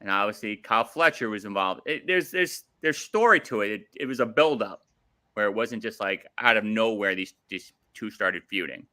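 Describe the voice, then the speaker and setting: A man co-hosting a casual wrestling chat, slipping into excitable, pleading rants. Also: on the low side, normal speed. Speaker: co-host.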